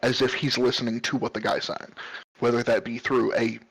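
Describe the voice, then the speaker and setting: A man's voice: mid-range voice, little pitch movement, fairly quick, fairly bright tone, slightly rough, low-quality recording. A man co-hosting a podcast, chatting casually and asking pointed, detail-focused questions. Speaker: podcast co-host. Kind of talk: casual chat.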